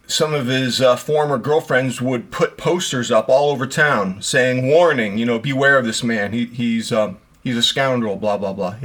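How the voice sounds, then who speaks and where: A man's voice: mid-range voice, a bit bright. A middle-aged man talking casually to camera about watches, rambling and self-deprecating, with frequent fillers. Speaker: watch channel host.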